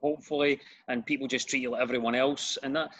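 Man, Glasgow accent, middle-aged, medium pitch, chatty storyteller, self-deprecating. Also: fairly even intonation, fast, fairly bright tone, slightly rough. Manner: chatty, self-deprecating, tells stories with put-on voices. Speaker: comedian and radio presenter. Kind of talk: casual podcast chat.

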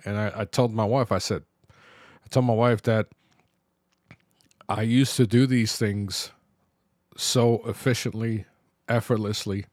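A middle-aged man from New York talking alone on his podcast, reflective and halting, pausing and restarting as he loses his thread. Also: on the low side, fairly even intonation, darkish tone, no room sound, studio quality. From New York, Bronx. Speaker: podcast host. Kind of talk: personal podcast monologue.

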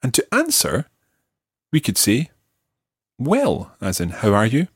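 A man hosting a language course, teaching deliberately and slowing down to model words. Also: mid-range voice, huge pitch swings, breathy edge, dry recording, clean studio sound. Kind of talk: scripted language lesson. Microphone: close studio mic.

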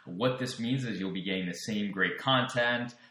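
A man's voice: lowish voice, normal speed, pushed and bright. A man hosting a dance podcast, talking in a casual, upbeat and joking way. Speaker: podcast host. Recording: roomy echo.

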